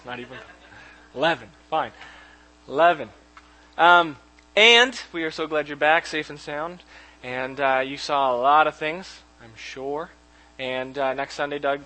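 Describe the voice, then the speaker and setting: A man's voice: medium pitch, sharp tone, a little hiss or hum, low-quality recording. A man from Canada, preaching a conversational, informal sermon in a church and often chuckling between thoughts. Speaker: pastor. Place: church sanctuary.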